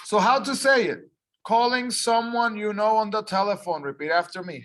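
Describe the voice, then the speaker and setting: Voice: medium pitch, normal speed, a bit bright. An English teacher whose first language is Spanish, leading an ESL lesson and patiently repeating instructions and explaining step by step. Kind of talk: ESL lesson, reading aloud for repetition.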